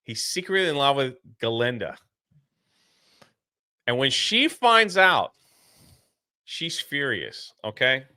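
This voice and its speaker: A man co-hosting a casual movie review, retelling the plot in an animated way and acting out the characters' lines. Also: medium pitch, slow pace, long pauses, dry recording, studio quality. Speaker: podcast co-host.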